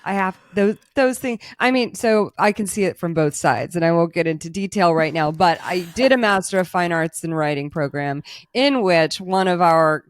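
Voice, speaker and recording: A woman hosting an interview, a writer herself, chatting eagerly with quick friendly reactions. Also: fairly low pitch, no room sound. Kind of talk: casual interview chat.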